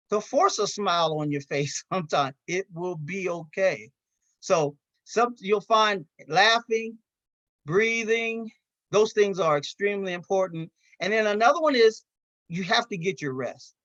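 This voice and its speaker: A man's voice: high voice, a bit bright, no room sound, muffled recording. Folksy man giving a seminar talk. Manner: conversational, folksy, with frequent restarts and light laughs. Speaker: seminar presenter.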